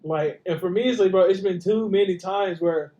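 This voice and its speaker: A man co-hosting a podcast in casual chat, relaxed and profane, often agreeing with his co-host. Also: high voice, normal speed. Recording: roomy, dull lo-fi recording.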